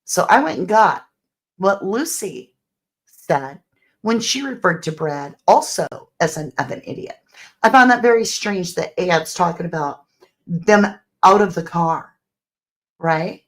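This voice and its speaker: A woman's voice: on the low side, animated, measured pace. A woman hosting true crime commentary who reads out messages and asks speculative questions about the case. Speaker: true crime channel host.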